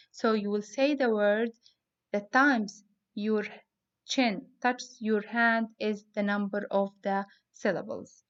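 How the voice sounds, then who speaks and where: Female teacher, phonics lesson for kids; slow and deliberate, spells out letters; slightly muffled lo-fi sound. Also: on the high side. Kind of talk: phonics lesson for young students.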